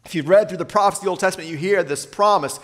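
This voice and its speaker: A man preaching a sermon, asking rhetorical questions and slowing down to read scripture aloud. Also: high voice, a bit bright, big-room sound. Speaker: pastor.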